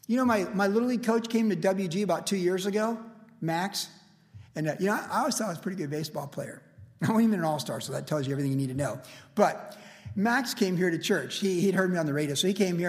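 A man's voice: sits high, fast, in a large hall. A man in his sixties preaching a verse-by-verse sermon as a pastor, telling stories in a casual way with lots of "like" and "you know". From United States. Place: church.

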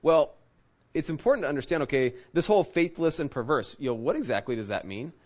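Male pastor, conversational sermon, rhetorical questions, slightly raised pitch, dull lo-fi sound. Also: animated, fast talker, darkish tone. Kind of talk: conversational Bible-teaching sermon.

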